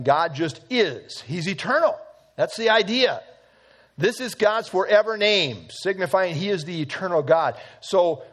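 A man teaching an evening Bible study, earnest and emphatic, quoting scripture at length. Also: high voice.

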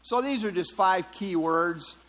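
Poor audio captures a high-pitched man with a fairly bright tone who talks at a measured pace. He's a Bible teacher leading an interactive study, discussing a passage conversationally, asking the class questions, and using many fillers.

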